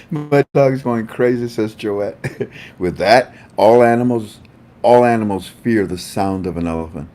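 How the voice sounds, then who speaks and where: A man's voice: lowish voice, slow pace, dark tone. A man hosting a casual livestream, chatting with viewers in a playful, joking, rambling way. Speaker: livestream host.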